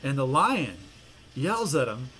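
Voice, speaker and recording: A man in casual gameplay commentary, his voice sitting in an ordinary middle pitch. He rambles, restarts sentences and fills gaps with ums as he talks. A faint hiss of noise runs under the recording. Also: sing-song, slow pace, sharp tone. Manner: rambling, self-interrupting storyteller. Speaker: gaming channel host.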